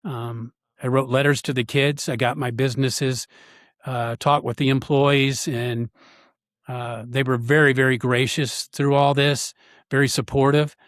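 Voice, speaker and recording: A man, a podcast guest, telling a personal story in an earnest, halting way with frequent pauses. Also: mid-range voice, little pitch movement, a bit bright, no room sound, studio quality.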